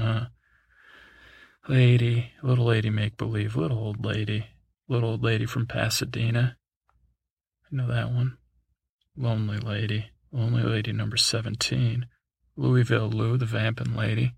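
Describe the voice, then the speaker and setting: A man's voice: medium pitch, level tone, moderate pace, creaky, pauses often, a little mellow, husky, no room sound. A man hosting a sleep podcast, reading through a long list in a drowsy way, with chuckles, asides and bits of song. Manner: breaks into snatches of song. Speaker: podcast host.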